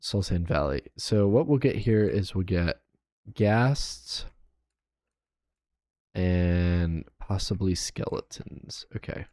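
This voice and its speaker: A man with a fairly low voice chats casually while he plays a video game on a live stream. He counts blocks and mutters to himself as he works. The sound is dry and close, with no room echo. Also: lively intonation, slow pace, warm tone. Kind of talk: casual gameplay commentary.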